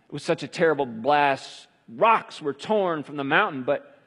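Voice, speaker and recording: Male preacher, sermon, conversational retelling, slightly high voice, long hall reverb. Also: animated, normal speed, fairly bright tone, breathy edge. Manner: conversational, retelling scripture with emphasis.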